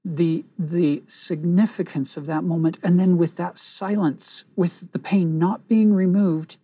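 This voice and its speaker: Slow, husky-voiced woman teaching scripture. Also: lowish voice, fairly even intonation, dark tone, no room sound. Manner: earnest, reflective, pauses for emphasis. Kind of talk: scripture lesson.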